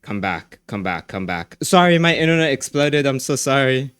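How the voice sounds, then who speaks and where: A man's voice: medium pitch, big pitch swings, moderate pace, a bit bright, clear, resonant tone, dry recording. A young man streaming live, chatting casually in a rambling, slangy way with lots of restarts.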